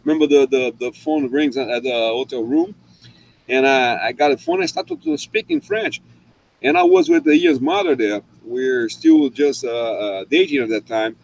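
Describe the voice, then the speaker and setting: Animated man chatting. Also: medium pitch, normal speed, gravelly, muffled recording. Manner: animated storytelling with frequent restarts. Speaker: host. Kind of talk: casual live chat.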